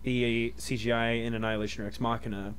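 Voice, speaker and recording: A man's voice: mid-range voice, flat delivery, fast talker, a bit bright, slight background noise. A young man co-hosting a casual podcast, talking through his views in a loose, joking way on a headset mic. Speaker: podcast co-host. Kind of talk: casual chat.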